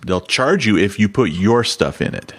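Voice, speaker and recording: A man co-hosting a casual podcast, telling stories in a relaxed way with repeated words. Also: fairly low pitch, normal speed. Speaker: podcast co-host. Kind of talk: casual chat.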